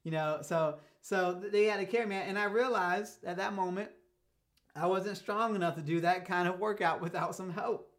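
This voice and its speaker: A man preaching a sermon as a pastor, telling stories in a casual, conversational way and shifting his pace for emphasis. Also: high voice. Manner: casual storytelling preacher, speeds up and slows down for emphasis.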